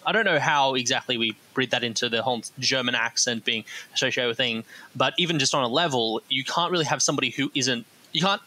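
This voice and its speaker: A man's voice: mid-range voice, sharp tone, poor audio. An Australian man on a podcast, bluntly arguing his point in casual discussion. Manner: blunt, argues a point plainly. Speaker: podcast co-host.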